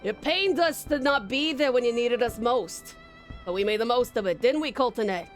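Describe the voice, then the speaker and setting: A woman's voice: fairly high pitch, moderate pace, faint music behind, natural voice. A woman doing a hearty mobster-accented giant. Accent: put-on New York mobster. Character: burly hearty giant man, boisterous.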